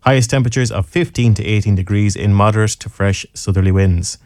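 An Irish man reading the weather forecast and introducing a farming radio show in a steady, measured way. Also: fairly low pitch, dry recording, clean studio sound. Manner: measured, steady broadcast delivery.

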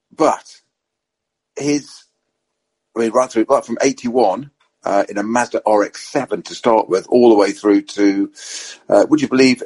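A man telling lively anecdotes in a relaxed podcast chat, acting out the quotes in his stories. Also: mid-range voice, breathy edge, poor audio. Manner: animated storyteller, acts out quotes.

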